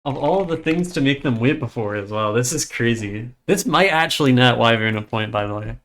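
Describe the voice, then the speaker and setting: A man's voice: mid-range voice, lively intonation, a little fast, fairly bright tone. A man casting a rhythm game tournament live, chatty and frank, getting flustered over stream trouble. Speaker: tournament caster. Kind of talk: casual live game commentary. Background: game music.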